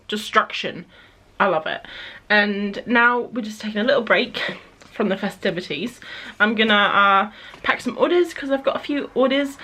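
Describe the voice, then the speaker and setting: A young woman, chatting casually through her day in a relaxed vlog. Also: mid-range voice. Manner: chatty and relaxed, self-deprecating. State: out of breath after a run. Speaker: vlogger.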